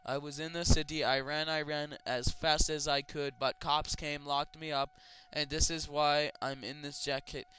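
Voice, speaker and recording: A man reads a badly written horror story aloud and breaks in with sarcastic, exasperated asides. His voice sits slightly high and sounds bright and clear. He swears freely as he mocks the writing. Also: flat delivery, moderate pace, poor audio. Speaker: reader of amateur horror stories. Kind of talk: comedic dramatic reading with commentary.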